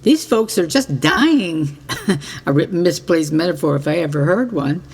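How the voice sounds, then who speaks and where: A woman delivers a scripted comic monologue with mock-earnest sincerity, her pitch swinging up and down animatedly. The voice trails off into a long, hall-like reverb. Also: lively intonation, measured pace, darkish tone. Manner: mock-earnest, playful wordplay. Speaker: narrator of a mock book trailer.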